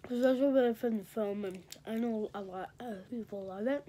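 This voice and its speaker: A woman's voice: a little high, moderate pace, warm tone, a little hiss or hum. A teenage girl rambling and gossiping in a casual vlog, a bit congested and talking while she eats in bed. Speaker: vlogger.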